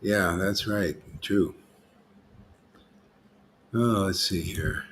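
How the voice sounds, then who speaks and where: A man's voice: sits low, extremely slow, fairly bright tone, slight background noise. A man hosting a casual spiritual discussion, rambling and often saying "see" and "you know.". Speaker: host.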